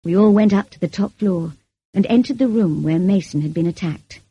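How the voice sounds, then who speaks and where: A woman narrating an audiobook in a measured, even way. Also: medium pitch, husky, dry recording, muffled recording. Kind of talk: audiobook reading.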